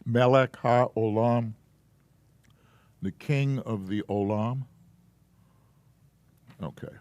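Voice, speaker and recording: Man, classroom teacher, slow explanations, smooth clear voice. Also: mid-range voice, darkish tone, no echo. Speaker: Hebrew alphabet teacher. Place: church classroom.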